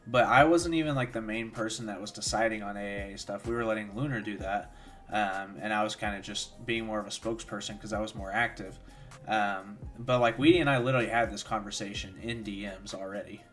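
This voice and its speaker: A man's voice: on the low side, brisk, a bit bright, faint music behind. A tired young man streaming, rambling casually with lots of fillers while he answers chat and commentates games. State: tired, yawning. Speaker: streamer hosting a watchalong.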